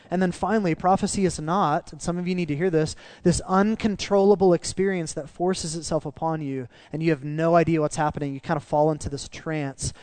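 A man preaching a sermon as pastor, animated and swinging down to quiet emphasis on key phrases. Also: on the high side, no echo.

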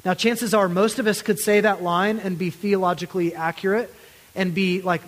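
Earnest preacher in a reverberant hall. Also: male voice, high voice, a little fast. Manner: earnest, building to pleading intensity then dropping to near-whispers. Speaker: pastor. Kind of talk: sermon.

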